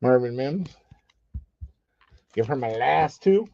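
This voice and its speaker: Host, male, gravelly and animated, swears freely, runs a live card auction over dull lo-fi audio. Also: mid-range voice, takes it slowly, no echo. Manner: profane, teasing, joking with chat; calls bids like an auctioneer.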